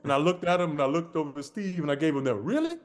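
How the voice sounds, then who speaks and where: A man co-hosting a podcast, telling a lively basketball anecdote and acting out the dialogue. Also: fairly high pitch, rapid-fire, big-room sound. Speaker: podcast co-host. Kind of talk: casual storytelling.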